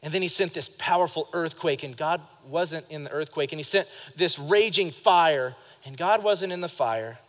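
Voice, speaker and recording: A man preaching a sermon at a live church service, lively and speaking straight to the congregation. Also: on the high side, normal speed, few pauses, big-room sound. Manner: lively preaching, acts out quotes and addresses the congregation. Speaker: pastor.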